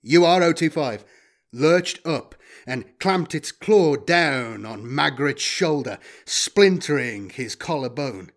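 A man's voice: medium pitch, slow. Dramatic male audiobook narrator. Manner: dramatic, expressive.

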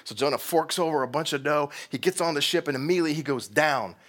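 Texas guy preaching, animated storyteller, keeps asking the crowd stuff. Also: on the high side, fast. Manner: animated storytelling, asks the congregation questions. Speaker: pastor. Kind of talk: sermon.

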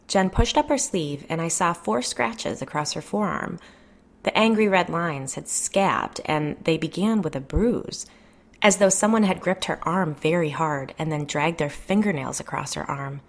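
A woman narrating a first-person story in a quiet, understated way. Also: low-pitched, measured pace.

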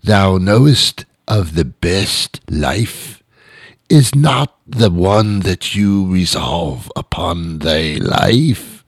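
A man voicing a pompous Elizabethan gentleman in drawn-out mock old English. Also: deep voice, expressive, creaky, breathy edge, no room sound, heavily acted. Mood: courtly.

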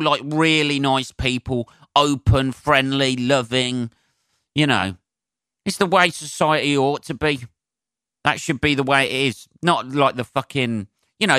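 This comedian's solo podcast is a loose, rambling monologue full of swearing and ums. At medium pitch, his voice comes across bright, sharp, smooth and clear, recorded dry and close to the microphone.

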